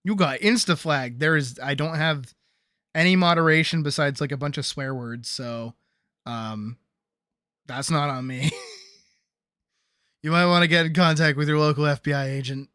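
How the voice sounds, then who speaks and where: A man chatting casually on a game stream, relaxed and talkative, answering chat and laughing often. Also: fairly high pitch, moderate pace, long pauses, smooth, dry recording, clean studio sound.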